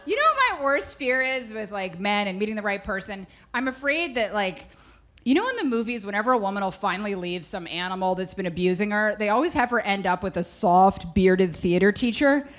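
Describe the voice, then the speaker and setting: A woman doing stand-up comedy with brash, deadpan storytelling on a club stage mic. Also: medium pitch, fairly quick. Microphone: handheld stage mic. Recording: noisy live stage recording. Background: audience laughter.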